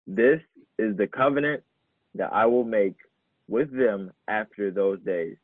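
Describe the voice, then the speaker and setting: A man reading scripture aloud, slow, low and measured, in a solemn style. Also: no echo. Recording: tinny, phone-like sound.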